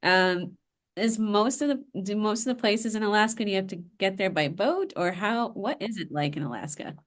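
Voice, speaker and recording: A woman's voice: mid-range voice, expressive, moderate pace. Female interviewer, chatty and eager, mid-range voice. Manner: enthusiastic, chatty. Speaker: interview host. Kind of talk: casual interview chat.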